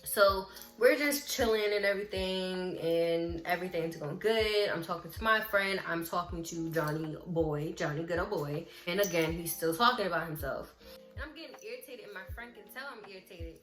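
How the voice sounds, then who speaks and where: A woman vlogger telling a story in casual chat, lively, acting out what people said and talking straight to her viewers. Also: on the low side, moderate pace. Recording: roomy echo with faint music.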